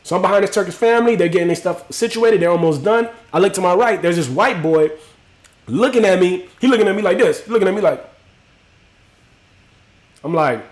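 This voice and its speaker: A young male livestream host chats with his audience in a loose, profane, slang-heavy way. His voice sits high for a man. It rings with the echo of the room. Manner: animated, profane, street slang. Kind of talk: casual storytelling to live chat.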